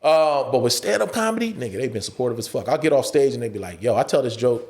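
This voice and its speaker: A man, an actor and stand-up comedian, chatting as a guest on a casual podcast interview, telling animated stories and acting out the voices of people he quotes, with plenty of profanity. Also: medium pitch, quick pace. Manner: animated storyteller who acts out quoted voices, heavy profanity.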